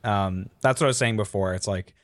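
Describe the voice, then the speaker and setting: A man guesting on a podcast, chatting casually and thinking aloud at a measured pace. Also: lowish voice, dry recording. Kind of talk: casual chat.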